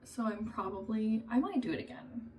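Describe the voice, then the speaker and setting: A woman in her thirties, a mother of three, chatting casually to camera and telling family stories with animated quoted lines. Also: fairly high pitch, normal speed, distant mic, slight background noise.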